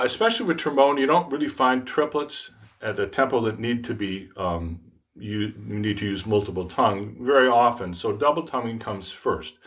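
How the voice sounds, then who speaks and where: Speaking with a fairly low pitch, a middle-aged man demonstrates trombone tonguing, saying the articulation syllables aloud while explaining them. His teaching manner is easygoing and self-deprecating.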